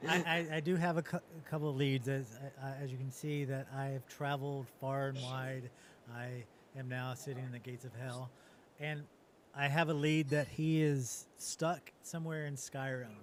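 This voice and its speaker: A man's voice: medium pitch, little pitch movement, normal speed, a little hiss or hum. A man co-hosting a casual podcast, joking around in a playful way. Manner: jokey, playful. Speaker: podcast co-host and editor.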